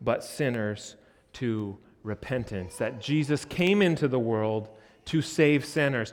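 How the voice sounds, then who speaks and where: American male pastor, slow deliberate sermon delivery, emphatic, long church reverb. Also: mid-range voice. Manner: earnest, emphatic preaching with forceful rises. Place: church sanctuary.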